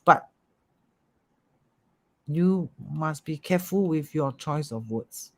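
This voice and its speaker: Metaphysics teacher, livestream class, animated, keeps checking "okay?". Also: medium pitch, slow pace, long pauses. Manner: animated, repeats "okay?" and "ah", coaxing.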